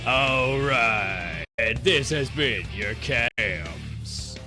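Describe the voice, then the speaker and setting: A man's voice: mid-range voice, animated, drawn-out words, pitched below the performer's own voice. A man voicing a hyped-up, goofy radio DJ for a cat music station, with crude, stammering announcer patter in a pre-recorded comedic radio bit. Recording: played back with music behind.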